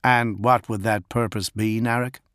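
A man's voice: lowish voice, steady tone, a little slow, a bit bright, no echo, clean studio sound. A man voicing a tired, resigned male captive. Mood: weary. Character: weary cornered male captive.

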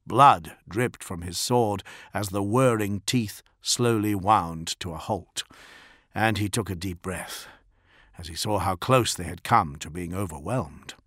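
A man giving dramatic scripted narration of an audiobook in a measured, grave way. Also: low-pitched, a bit bright, no room sound, studio quality.

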